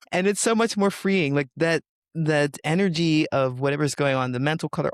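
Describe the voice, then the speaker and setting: A man, a coach, talking reflectively in a podcast interview and sometimes acting out inner thoughts in a higher voice. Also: moderate pace, clean tone, dry recording, studio quality. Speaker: social connections coach.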